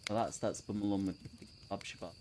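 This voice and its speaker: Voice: sits low, fairly even intonation, fairly quick, darkish tone, slight background noise. A young adult book streamer chatting casually on a live reading sprint, answering chat messages, laughing often and swearing freely.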